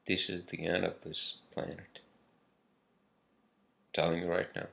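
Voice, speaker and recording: A man's voice: deep voice, completely flat delivery, a little slow, vocal fry, a bit bright. A man delivering a casual, rambling monologue, swearing constantly and pressing his points with heavy emphasis. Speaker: podcast host.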